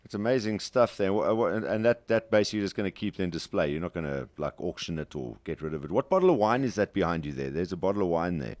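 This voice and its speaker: A man's voice: sits low, expressive, quick pace, hardly any pauses, a little mellow, no room sound. Teasing, laughing male radio host. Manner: joking, teasing, laughs often. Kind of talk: casual interview over video call.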